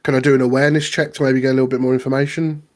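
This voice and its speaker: A man's voice: medium pitch, flat delivery, very fast. Man playing a tabletop game. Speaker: player. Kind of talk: casual tabletop play chat.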